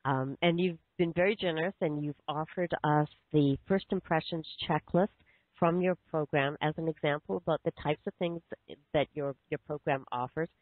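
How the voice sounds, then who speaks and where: A woman podcast host asking questions in a phone interview, halting with fillers and restarts. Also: deep voice, dry recording. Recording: tinny phone line, dry.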